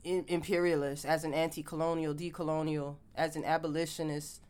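A woman's voice: low voice, little pitch movement, fairly quick, darkish tone. A woman in casual chat, talking emphatically and animatedly, swearing freely.

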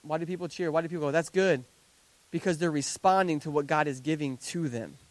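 A man in his thirties, a pastor preaching a sermon to his congregation in an animated, conversational way with joking asides. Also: fairly high pitch, a little fast, no room sound. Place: church service before a congregation.

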